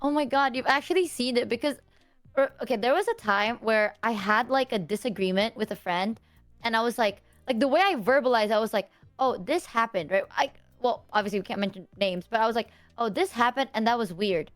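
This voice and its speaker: This woman, a streamer, chats casually in a voice on the high side, with a brisk delivery. She's earnest and rambling as she explains herself, full of fillers and quoting her own words.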